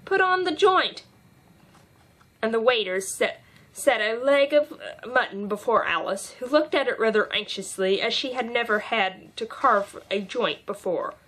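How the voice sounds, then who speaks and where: A woman's voice: a little high, normal speed, fairly bright tone. A woman narrating an audiobook as a volunteer reader, with occasional stumbles and restarts.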